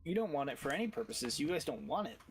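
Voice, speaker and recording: A man running a tabletop game as dungeon master over voice chat, joking and quick with asides before settling into narration. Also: on the high side, sing-song, noisy background. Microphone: headset or desk mic on voice call.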